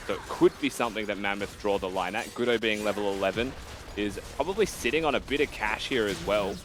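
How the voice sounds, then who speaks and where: A man's voice: lowish voice, quick pace, over music. Man analyzing esports plays. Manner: analytical, conversational breakdown of plays. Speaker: esports caster. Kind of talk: esports commentary.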